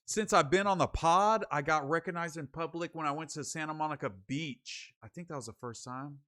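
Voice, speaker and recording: A man's voice: on the high side, fairly quick, pushed and bright. Slangy young man rambling on stream. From Sacramento, California. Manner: rambling, slangy storytelling with many fillers. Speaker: streamer hosting a late show. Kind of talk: casual livestream chat, reading viewer comments.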